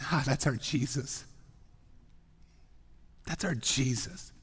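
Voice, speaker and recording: A man preaching a sermon, swinging from full voice down to hushed whispers. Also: mid-range voice, slow, husky, in a large hall. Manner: dramatic, drops often to a whisper. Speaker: pastor. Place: church sanctuary.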